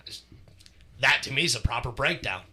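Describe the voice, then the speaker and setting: A man's voice: mid-range voice, lively intonation, moderate pace, pushed and bright, a little hiss or hum. A man co-hosting a podcast, ranting bluntly and swearing freely in casual chat. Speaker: podcast co-host.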